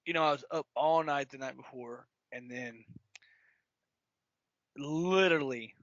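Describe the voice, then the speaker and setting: A male podcast co-host in casual chat, telling a story with animated energy and acting out a phone call. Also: medium pitch, measured pace, dry recording. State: sore throat.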